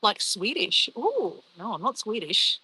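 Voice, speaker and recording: A woman's voice: medium pitch, big pitch swings, unhurried, bright, forceful tone, husky, poor audio. An Australian woman chatting casually and bubbly on a travel live stream, reacting to her viewers.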